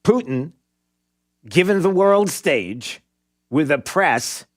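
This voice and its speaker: A man's voice: a little high, sing-song, slow. A male radio talk show host commenting with sarcasm and rhetorical questions in a conversational way.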